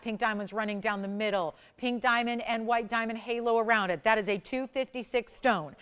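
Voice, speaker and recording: A woman's voice: a little high, a bit bright, clear, resonant tone. Gushing woman shopping channel host. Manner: effusive, gushing with exclamations. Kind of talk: live jewelry sales pitch. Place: TV studio.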